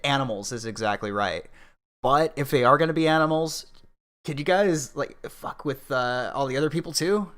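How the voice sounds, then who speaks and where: Male stream host, mid-pitched, angry profane ranter, piles on rhetorical questions. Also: moderate pace, a bit bright, clear, resonant tone. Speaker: livestream host. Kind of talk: profane political commentary stream.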